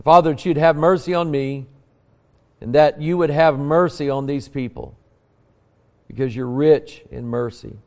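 A man preaching a sermon to a congregation, building to emphatic peaks and dropping to quiet, earnest prayer. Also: on the high side, fairly even intonation, a little slow, big-room sound. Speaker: pastor. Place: church sanctuary.

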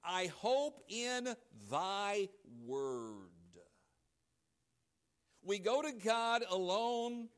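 A male pastor preaching a sermon, swinging between loud emphatic lines and quiet low asides, acting out quoted voices. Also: big pitch swings, drawn-out words, clear, resonant tone.

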